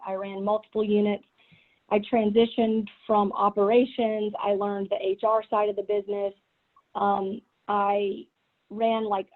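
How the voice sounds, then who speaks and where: A middle-aged woman with a Southern US accent giving an earnest leadership talk as a business executive, with frequent "um" and "you know" fillers. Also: mid-range voice. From American South. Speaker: guest speaker, business executive. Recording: tinny phone-like line from online event.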